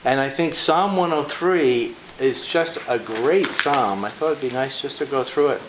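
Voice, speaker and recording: Speaking a little slowly, an older preacher with a mid-range, fairly bright voice shares personal stories in an informal devotional talk. He's folksy and chatty, laughing frequently and using fillers. Echo and faint ambient noise are audible.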